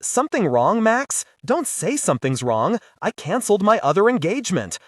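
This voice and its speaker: A man's voice: sits high, very animated, moderate pace, fairly bright tone, no echo, clean studio sound, pitched above the performer's own voice, heavily acted. A man voicing a pouty, glamorous young woman in an audiobook, coaxing and a little hurt.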